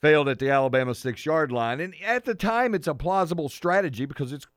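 A man's voice: fairly high pitch, expressive, quick pace, no room sound, clean studio sound. A man hosting a sports talk radio show, emphatic and opinionated, hammering his points by repeating them. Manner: opinionated, argues his takes.

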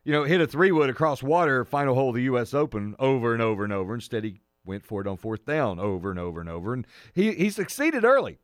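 A man's voice: medium pitch, very animated, quick pace, hardly any pauses, no echo, clean studio sound. A man hosting a sports talk radio show, emphatic and opinionated, hammering his points by repeating them. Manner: opinionated, argues his takes.

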